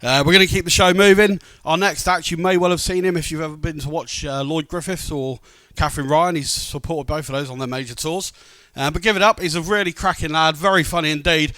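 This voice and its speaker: A man with a British accent hosting as comedy club MC, hyping up each act with loud, upbeat announcements. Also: fairly high pitch, fairly even intonation, brisk, no echo. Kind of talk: hyping up acts between sets. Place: hosting live from the club venue.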